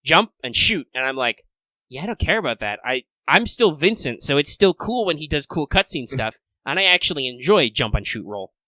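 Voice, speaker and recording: A man with a bright, forward voice chats casually as a podcast co-host. His talk is animated and full of swearing. The sound is dry and close, with no room. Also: fairly high pitch, no echo. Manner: animated, swearing, quick impressions. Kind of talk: casual chat.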